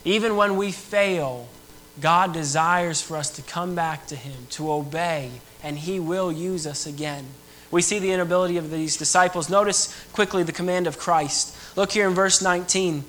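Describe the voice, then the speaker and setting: High, bright-voiced young male preacher. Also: moderate pace, rough recording. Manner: earnest, emphatic preaching with rising and falling intensity. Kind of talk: sermon.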